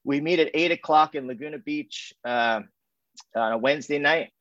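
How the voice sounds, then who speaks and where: A man's voice: a little high, normal speed, a bit bright, no echo, muffled recording. A man telling his recovery story at a meeting in a loose, rambling way, with lots of fillers and restarts and frequent laughs. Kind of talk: casual personal story share. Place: home via video call.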